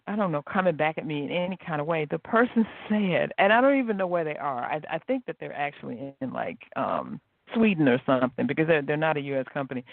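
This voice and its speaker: On a motivational podcast, a male host speaks solo and brings his stories to life by performing the quoted lines with animation. His voice is on the high side, and the recording is dry and tinny, as if over a phone line.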